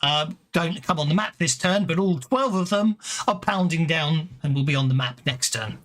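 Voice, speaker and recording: A man's voice: a little high, moderate pace, a bit bright. A man running a tabletop game as game master, chatting casually and laughing often.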